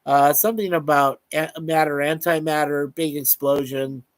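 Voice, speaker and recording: A man's voice: a little high, steady tone, normal speed, dry recording. A man hosting a casual live stream, reading out viewer comments in a chatty, upbeat way. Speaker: show host.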